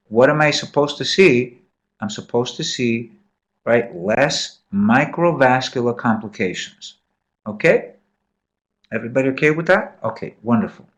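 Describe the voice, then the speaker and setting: A man's voice: mid-range voice, a bit bright. A man lecturing medical students in a classroom, quizzing them, repeating key points and encouraging answers.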